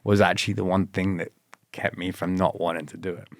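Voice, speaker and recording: Low-ish british guy chatting easy on a podcast, dry close mic, gets animated quoting people. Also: a little fast, gravelly, no room sound. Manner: laid-back, laughs often, quotes others in lively bursts. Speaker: podcast guest, former paratrooper. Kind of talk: casual storytelling interview.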